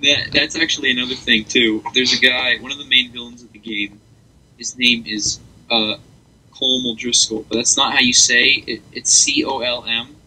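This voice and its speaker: A young man co-hosting a casual podcast, rambling and animated as he tells stories. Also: medium pitch, normal speed, slight background noise, low-quality recording. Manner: rambling, animated storytelling with laughs. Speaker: podcast co-host. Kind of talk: casual chat.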